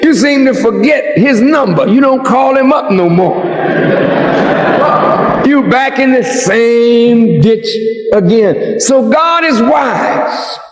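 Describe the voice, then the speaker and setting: A man delivering a sermon as a minister, preaching emphatically and rising to shouts. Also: very high-pitched, expressive, slow pace. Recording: echoey hall with faint music.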